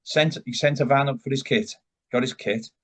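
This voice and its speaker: A man's voice: medium pitch, steady tone, moderate pace, a bit bright, slightly rough. An older man, a rock vocalist, telling long rambling anecdotes as an interview guest, with frequent restarts and tangents. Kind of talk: casual storytelling interview.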